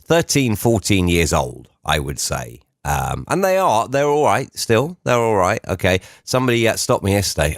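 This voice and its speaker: A man's voice: low voice, sing-song, unhurried, no echo, clean studio sound. A man hosting a drivetime radio show, chatting casually in a rambling, musing way with conversational asides. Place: radio studio. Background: music playing.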